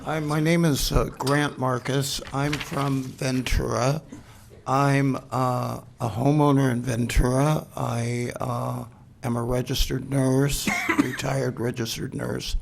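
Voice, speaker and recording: An older man speaks slowly from a council chamber podium, his voice gravelly with fry. He talks in an earnest, halting way, giving a warning in his public comment. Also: mid-range voice, level tone, slight background noise.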